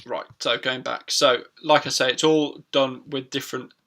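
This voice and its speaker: A man teaching pronunciation in a chatty live stream, repeating words slowly for learners. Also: mid-range voice, fairly even intonation, a bit bright. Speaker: English teacher.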